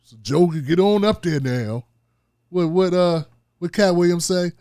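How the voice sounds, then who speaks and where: Male commentary host, high voice, animated, casual, repeats his points. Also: measured pace, smooth. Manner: animated, repetitive, street-casual. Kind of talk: political commentary show.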